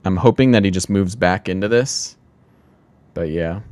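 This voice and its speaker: Low-voiced man thinking aloud over gameplay. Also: moderate pace, darkish tone. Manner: thinking aloud, self-mocking, laughs often. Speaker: let's play host. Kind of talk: casual gameplay commentary.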